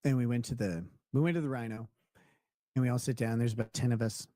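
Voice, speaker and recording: In clean studio audio with no room sound, a young talk show host tells a rambling story in casual chat, repeatedly restarting and laughing at his own tale. He talks fast in a medium-pitched, dark-toned voice with fairly even intonation.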